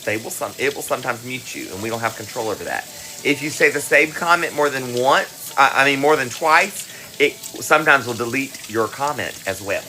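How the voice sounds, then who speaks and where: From her home kitchen, a woman hosts a cooking livestream, chatting affectionately and greeting viewers by name. Her voice is extremely low yet bright and forceful. The audio is poor, with slight background noise.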